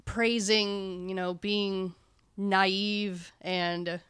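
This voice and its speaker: Casting: woman, smooth clear voice, dry close sound, candid podcast co-host. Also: medium pitch, drawn-out words, dry recording. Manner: candid, swears casually, lively. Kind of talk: casual podcast film discussion.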